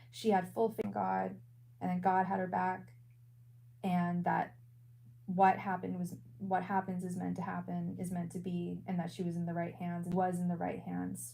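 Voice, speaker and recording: A woman working as a tarot reader and psychic medium on a live stream. She talks in a soft, halting way and repeats her words often. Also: lowish voice, gravelly, a little hiss or hum, poor audio. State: emotional.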